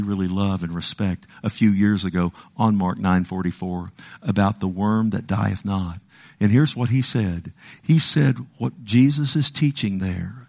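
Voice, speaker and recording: An older man preaching a sermon, repeating phrases and swinging between hushed, slow passages and loud, emphatic ones. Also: mid-range voice, gravelly.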